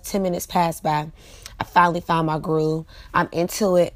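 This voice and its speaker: A woman's voice: on the low side, flat delivery, normal speed, dry recording. A woman in her late twenties hosting her own vlog, talking straight to viewers in a chatty, casual motivational monologue with lots of fillers. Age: late 20s. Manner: chatty, frequent fillers, talks to viewers directly. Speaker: vlog host.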